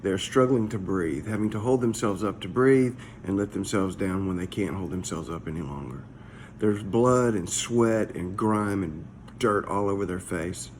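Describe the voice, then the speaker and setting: Speaking at a moderate pace in a low voice, a male pastor offers a brief, informal morning devotional. His manner is conversational and searching, he repeats words frequently, and a little background noise is audible.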